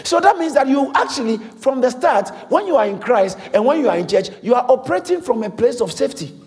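Man preaching in a big echoey hall, high voice, swoops up and down a lot, repeats himself. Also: fairly quick. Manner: lively preaching with repetitions and call-and-response. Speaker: pastor. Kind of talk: sermon. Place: large hall.

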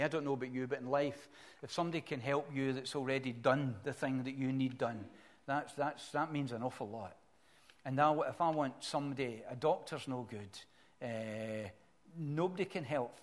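A middle-aged man preaching a sermon in an earnest, reflective way, often pausing and restarting his sentences. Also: mid-range voice.

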